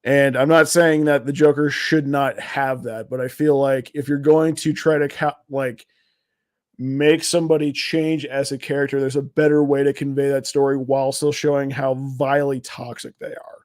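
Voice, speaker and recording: A man's voice: mid-range voice, flat delivery, normal speed, dry recording. A man on a pop culture podcast panel who hedges his opinions and fills his speech with "like". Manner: hedging, fills with "like". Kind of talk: casual pop culture discussion.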